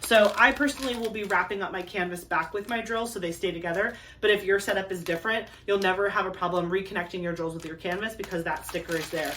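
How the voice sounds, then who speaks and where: A woman crafting vlogger chatting casually to camera while unboxing, gushing and excitable with lots of fillers. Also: mid-range voice, fast, hardly any pauses. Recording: a bit distant from the mic, faint ambient noise.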